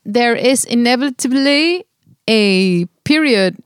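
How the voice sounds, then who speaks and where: A woman's voice: on the high side, lively intonation, slow pace, smooth, no room sound, studio quality. A woman co-hosting a podcast, playful and teasing, laughing a lot in casual chat. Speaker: podcast co-host.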